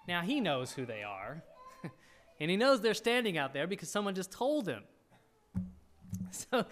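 A man preaching a sermon, teaching from scripture and reading the verses aloud in an expressive way. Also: sits high, moderate pace. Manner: expressive preaching, reads scripture aloud, frequent throat clearing. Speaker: pastor.

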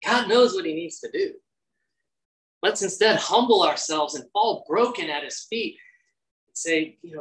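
A man's voice: sits high, lively intonation, a little slow, long pauses, a bit bright, rough recording. A man preaching a devotional sermon in an earnest, prayerful way, acting out quoted lines with lifted energy.

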